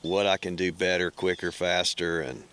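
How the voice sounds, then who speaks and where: A man with a very deep voice who talks in a plain, driven way. A faint hiss of background noise sits under his speech. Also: flat delivery, normal speed, a bit bright. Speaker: guest, brother. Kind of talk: casual chat.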